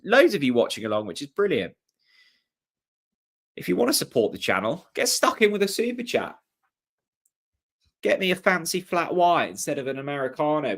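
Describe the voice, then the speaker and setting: A young man hosting a live football watchalong, chatting with viewers and reacting to the match in a casual, excitable way. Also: mid-range voice. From Norfolk, England. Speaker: host of a fan channel watchalong.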